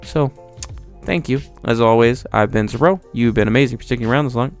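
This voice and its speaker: A man's voice: mid-range voice, a little fast, faint music behind. A young man giving a profane, rambling comedic monologue with mock disbelief. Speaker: video creator.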